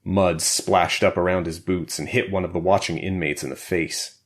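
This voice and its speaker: A man narrating an action thriller audiobook in a steady, measured way. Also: deep voice. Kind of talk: scripted narration.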